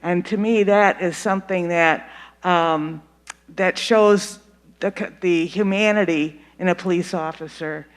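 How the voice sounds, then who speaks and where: Older speaker from Detroit, calm forum anecdote, smooth resonant voice. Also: medium pitch, measured pace. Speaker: community meeting participant. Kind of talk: public comment at a community forum. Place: meeting room.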